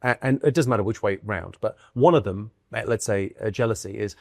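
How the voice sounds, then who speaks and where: A man from the UK, a comedian and guest, telling stories in lively conversation and acting out what people said. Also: fairly low pitch, no room sound, studio quality. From United Kingdom. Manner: quick, lively storytelling with acted-out quotes and bursts of laughter. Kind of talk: animated conversational storytelling.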